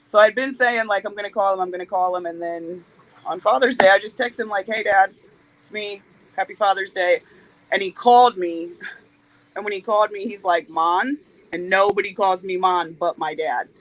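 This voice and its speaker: A woman's voice: medium pitch, normal speed, rough recording. A woman in her forties, a podcast guest speaking candidly in a blunt, plain-spoken way and swearing freely. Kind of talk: candid interview talk.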